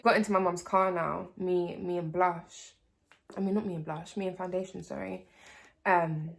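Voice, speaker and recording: A woman's voice: medium pitch, vocal fry. A young woman chatting through a story in a vlog. She rambles, drops slang and swear words, and fills gaps with "like". Her voice sits in an ordinary middle register. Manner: rambling, slangy, swears freely, many "like" fillers. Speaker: vlogger. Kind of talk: casual storytime chat.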